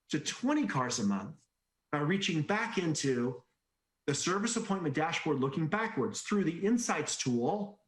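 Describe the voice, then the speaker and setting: A man's voice: on the high side, roomy sound. A man presenting a sales training webinar, telling anecdotes with jokes and acted-out voices. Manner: animated storyteller, jokes and acts out quoted voices.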